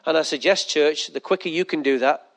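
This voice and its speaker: High-voiced preaching pastor. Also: male voice, fairly quick. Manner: animated preaching with rhetorical questions and acted asides. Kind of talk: sermon.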